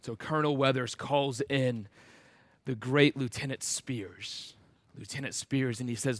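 A man's voice: mid-range voice, unhurried, no echo. A man tells a war story as an illustration. He speaks earnestly and hesitantly, with frequent filler sounds.

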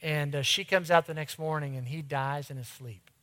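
A man preaching a sermon to his congregation, earnest, swinging between loud lines and hushed ones. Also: a little high, fairly even intonation, normal speed, in a large hall. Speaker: pastor.

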